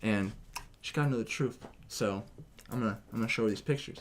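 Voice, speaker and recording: A man's voice: fairly low pitch, fast, a little hiss or hum, pitched below the performer's own voice, lightly acted. A man doing a smug teenage bully. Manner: smug, drawling, profane.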